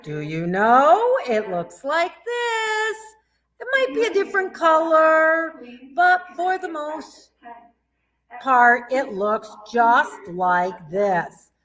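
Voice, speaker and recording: Her pitch sits high and swoops wildly as she speaks slowly, with a fairly bright tone. She's a youth librarian from Michigan, leading story time for children in a sing-song style, asking them questions and doing animal sounds.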